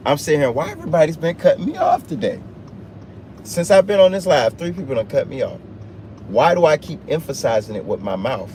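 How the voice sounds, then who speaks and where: A slightly mellow, medium-pitched male voice comes through a phone livestream recorded in a noisy truck cabin. He's improvising a motivational speech, pressing each point home in an emphatic, repetitive preaching rhythm.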